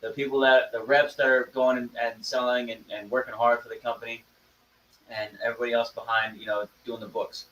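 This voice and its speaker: A man's voice: mid-range voice, little pitch movement, brisk, fairly bright tone, reverberant, recorded from a distance, a little hiss or hum, poor audio. A man in casual podcast chat, earnest and agreeable, rambling a bit as he makes his point.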